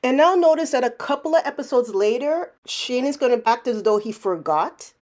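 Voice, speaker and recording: A woman's voice: on the high side, lively intonation, moderate pace, a little mellow. A woman narrating a commentary video in a casual, pointed, sarcastic way. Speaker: commentary YouTuber.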